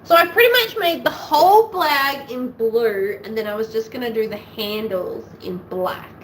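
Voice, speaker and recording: A woman's voice: fairly high pitch, normal speed, a little hiss or hum, rough recording. An Australian woman hosting a sewing livestream, chatting casually and rambling as she thinks aloud at home.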